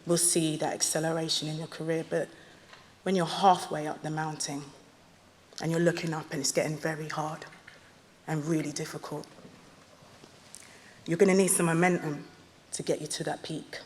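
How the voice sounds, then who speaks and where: Woman giving a graduation speech, kinda low voice, big echoey hall, earnest and emphatic. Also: level tone, a little mellow. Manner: earnest and emphatic, with slow deliberate phrases. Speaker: honorary degree recipient giving a speech. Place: large ceremony hall. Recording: long hall reverb.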